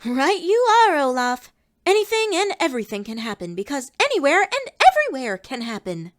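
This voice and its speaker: A woman's voice: sits high, wildly swooping pitch, a little fast. A woman voicing a chipper adult female cartoon duck who co-hosts as an announcer, in a fan audio drama. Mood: announcing. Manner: bubbly showbiz announcing. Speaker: co-host announcer.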